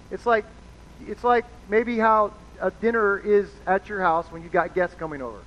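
A pastor with a high-pitched voice gives a conversational sermon at a moderate pace, casual and chatty, acting out the people he quotes. The recording is dull and lo-fi, with faint background noise.

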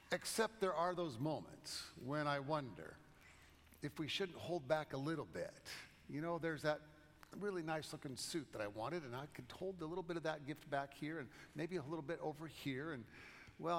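A man preaching a sermon as pastor, in a conversational way with gentle humor, in a church sanctuary. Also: on the high side. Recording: long reverb of a large church.

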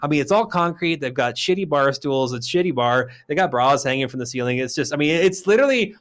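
A man from Arizona co-hosting a podcast, telling a story in casual chat with a profane, heated delivery that jumps to shouting. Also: on the high side, expressive, a little fast. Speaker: podcast co-host.

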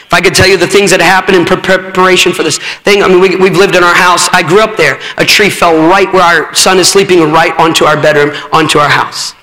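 A man's voice: high voice, fairly even intonation, brisk, hardly any pauses, pushed and bright. A man preaching a sermon in a church, urgent and telling stories to the congregation. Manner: urgent, storytelling. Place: church sanctuary. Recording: reverberant hall.

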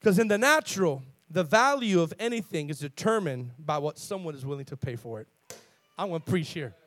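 A man preaching a sermon in a church, fervent and building to loud, emphatic call-outs, often repeating and restarting his words. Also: on the high side, lively intonation, a little fast, no room sound, studio quality. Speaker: pastor. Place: church sanctuary with congregation.

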